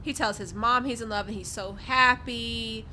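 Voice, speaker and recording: Bright-voiced woman chiming in. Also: a little high, fairly even intonation, normal speed, slight background noise. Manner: bright, interjecting, adds details with quoted asides. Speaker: podcast co-host. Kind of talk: casual recap chat.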